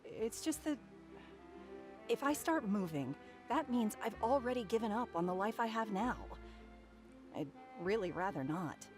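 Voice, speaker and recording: A woman's voice: on the high side, expressive, unhurried, darkish tone. An actress playing a carefree, stubborn young woman in a game, breezy and dismissive. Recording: game audio under music.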